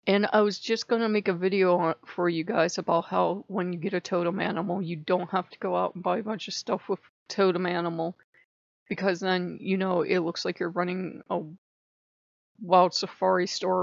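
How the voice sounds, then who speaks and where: A woman's voice: medium pitch, gravelly, dry recording. A woman vlogging in a rambling, chatty way, often laughing as she talks. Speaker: spiritual vlogger. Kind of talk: casual chat. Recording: dry, slightly muffled lo-fi.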